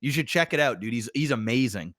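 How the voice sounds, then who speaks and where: A man's voice: mid-range voice, lively intonation, fast, fairly bright tone, no echo, clean studio sound. A man co-hosting a podcast, talking animatedly in casual, swear-filled chat with many restarts. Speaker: podcast co-host.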